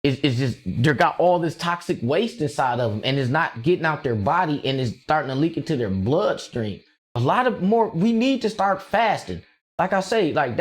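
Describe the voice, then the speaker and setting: A male streamer rambles through a casual livestream rant, jumping between thoughts and reacting to his chat. His voice sits a touch on the high side, and his loose, slangy delivery is full of quick laughs and energy.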